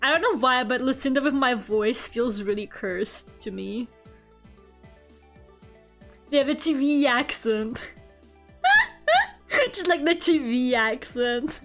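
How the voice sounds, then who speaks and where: A woman's voice: high-pitched, slow pace, pauses often, soft background music. A woman streamer chatting casually while she draws, rambling with lots of "like" and frequent giggles. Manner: rambling, heavy use of "like", giggly. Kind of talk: casual chat while drawing.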